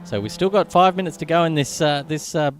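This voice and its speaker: A man's voice: a little high, faint music behind. Chatty race commentator man. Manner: chatty, quick, laughs along. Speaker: sim racing commentator.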